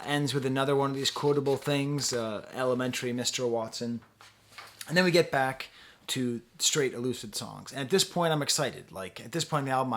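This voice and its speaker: Guy talking thru an album review, kinda hesitant, chuckles a lot, regular pitch. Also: a bit bright. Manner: musing, hesitant, laughs often. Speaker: music reviewer. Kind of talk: casual spoken album review.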